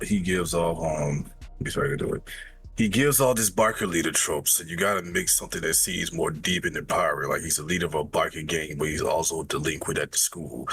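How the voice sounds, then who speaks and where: A man's voice: low voice, vocal fry, fairly bright tone, breathy edge. A man talking as a podcast guest in casual chat, laid-back and slangy. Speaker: guest streamer.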